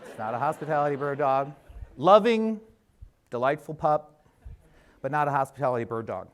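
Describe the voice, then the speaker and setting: A man's voice: mid-range voice, fast talker. A middle-aged man giving a chatty, self-deprecating conference talk on a theater stage, with fillers and restarts. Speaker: conference speaker.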